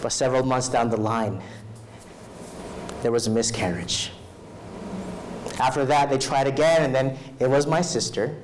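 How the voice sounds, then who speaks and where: A man preaches a sermon as pastor during an evening service held live, reading from scripture and leaving gaps for the congregation to complete. His tone stays steady, rising in volume for preaching and dropping soft and low when he shares personal stories, with noise in the background.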